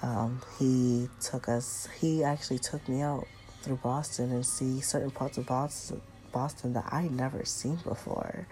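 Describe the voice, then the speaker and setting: A woman's voice: extremely low pitch, steady tone, unhurried, dark tone, faint music behind. A woman chatting casually and confidingly to her viewers, telling a personal storytime confession. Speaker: storyteller vlogger.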